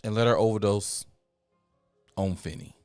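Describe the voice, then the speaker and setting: A man's voice: on the low side, normal speed, over music. A man hosting a show, chatting loosely about video clips and speaking straight to his audience. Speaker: host. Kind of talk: casual commentary on video clips.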